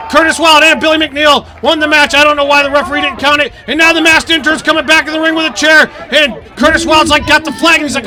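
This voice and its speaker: A man doing crude, excitable play-by-play commentary at an outdoor backyard wrestling show, often shouting and swearing. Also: very high-pitched, quick pace, hardly any pauses. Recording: loud crowd noise outdoors. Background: cheering crowd.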